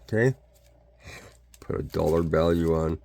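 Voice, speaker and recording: A man's voice: extremely low pitch, a little slow, vocal fry, a little mellow, dry recording. An older man from Canada talking in a blunt, folksy, rambling monologue that jumps between topics.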